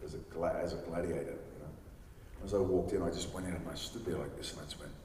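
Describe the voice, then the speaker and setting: A low-pitched man in his forties tells rambling, chatty stories to a live crowd and acts out what other people said. His voice carries a long hall reverb. It sounds like it was recorded from far back with some faint noise underneath. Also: steady tone, quick pace, a little mellow. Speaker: celebrity panel guest. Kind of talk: anecdotal storytelling to a live audience. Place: large convention hall.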